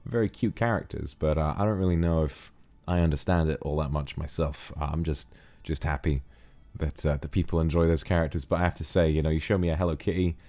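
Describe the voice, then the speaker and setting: A man's voice: a bass voice, fast. A man with a British accent chatting casually on a stream, reading donations, rambling and laughing often. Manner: relaxed, rambling, laughs often, hums to himself.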